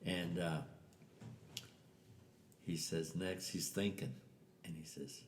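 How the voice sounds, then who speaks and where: A man's voice: deep voice, steady tone, takes it slowly, pauses often, a little hiss or hum. An older man telling a family story in a casual way, acting out the voices of the people in it. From US Southwest. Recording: echoey room.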